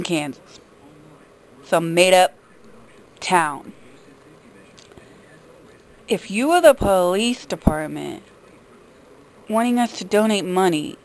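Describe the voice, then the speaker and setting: A woman's voice: medium pitch, poor audio. A woman vlogger delivering a casual, indignant and sarcastic rant to the camera.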